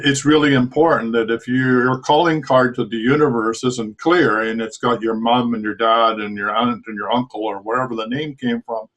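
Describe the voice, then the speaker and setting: Man, host, interview, halting restarts, mid pitch. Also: a bit bright, low-quality recording. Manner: halting, self-correcting, then fluent. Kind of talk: interview talk.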